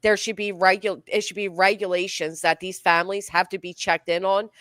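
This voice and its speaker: A woman's voice: medium pitch, flat delivery, a little fast, fairly bright tone, dry recording. A woman hosting a casual true-crime chat, outspoken and indignant as she reacts. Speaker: true-crime commentary host.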